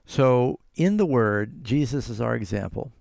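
A man's voice: mid-range voice, a little slow, gravelly, darkish tone, no echo, clean studio sound. A man hosting a call-in Bible answer show as the pastor, earnestly explaining scripture at length to callers. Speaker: radio pastor and host.

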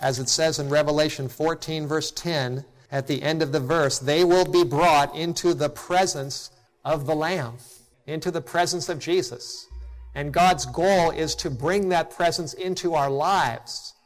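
Middle-aged male preacher, slightly high-pitched, impassioned sermon delivery that swells and then drops soft. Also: measured pace. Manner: impassioned, rising to emphatic peaks then dropping soft; storytelling with acted quotes.

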